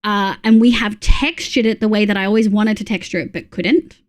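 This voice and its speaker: A woman's voice: mid-range voice, brisk. An Australian woman streaming, giving casual, rambling commentary while playing, with plenty of fillers and restarts.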